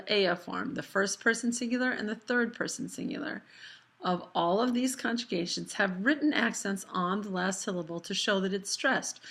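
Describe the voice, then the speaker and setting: Gravelly bright-voiced woman teaching. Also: medium pitch. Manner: clear, patient explaining, slows down for examples. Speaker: Spanish teacher. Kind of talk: recorded classroom lecture over slides.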